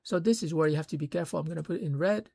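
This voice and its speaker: Gravelly-voiced man giving a casual lesson. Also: a little high, very fast, darkish tone, dry recording. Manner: conversational, many fillers, emphatic bursts. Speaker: course creator teaching online. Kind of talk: casual instructional talk.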